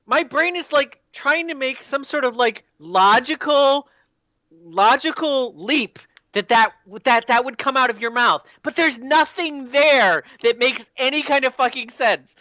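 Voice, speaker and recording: Co-host, slow and reactive, bright voice, muffled lo-fi sound. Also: high voice, no echo.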